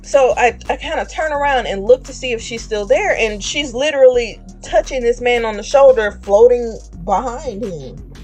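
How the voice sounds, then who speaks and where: A woman's voice: fairly high pitch, normal speed, darkish tone, soft background music. A woman streamer telling a story in a chatty way, acting out the voices of the people in it with slang. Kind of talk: casual storytelling.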